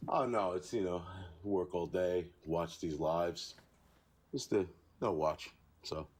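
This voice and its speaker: A middle-aged man from New York calling into a live stream debate, arguing in a halting, tired way. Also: low voice, darkish tone. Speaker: caller.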